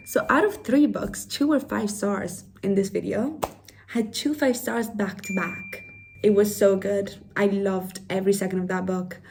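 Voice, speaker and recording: Gushing young woman book vlogger. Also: medium pitch. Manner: gushing, emotional, drops to a near whisper at times. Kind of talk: casual vlog chat.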